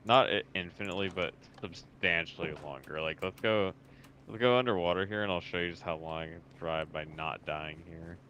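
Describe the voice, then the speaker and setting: A man's voice: low voice, fairly quick, pushed and bright, slight background noise, low-quality recording. A man chatting casually while playing a video game, explaining things patiently and matter-of-factly. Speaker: co-player.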